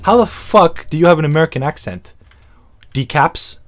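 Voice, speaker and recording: A man's voice: fairly high pitch, expressive, moderate pace. Rambling, profane young-sounding man. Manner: rambling, profane and jokey, repeats himself. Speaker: podcast host. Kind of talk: casual comedic podcast chat.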